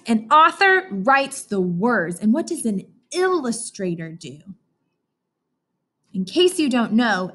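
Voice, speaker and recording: During a children's read-aloud lesson, a woman teacher shares a picture book, quizzes the kids, and mimics animal noises. Her voice is mid-range, a bit bright, and slightly rough.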